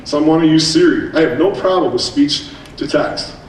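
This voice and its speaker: American male keynote speaker, animated and joking, recorded from afar with light hiss. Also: a little high. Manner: animated storytelling with quick asides. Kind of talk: conference keynote. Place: large hall. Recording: echoey hall, distant mic, faint noise.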